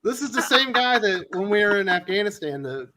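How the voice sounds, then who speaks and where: Male host, animated storyteller, high and very lively delivery for a casual panel show. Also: fairly quick. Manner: animated storyteller, swears, acts out quotes loudly. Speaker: host of a comics news livestream.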